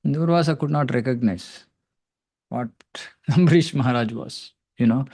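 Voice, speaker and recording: A man giving a devotional scripture class in a reflective, self-deprecating way. He often pauses to search for words, and he reads Sanskrit verses before their translations. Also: mid-range voice, darkish tone, breathy edge, dry recording.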